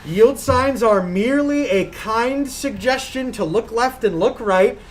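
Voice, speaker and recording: Woman from long island chatting on a gaming stream podcast, animated, jokes and laughs a lot. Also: fairly high pitch, a little slow. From Long Island, New York. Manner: animated, jokey, laughs often, shouted put-on quotes. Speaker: podcast co-host. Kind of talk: casual gaming podcast chat. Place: streaming setup.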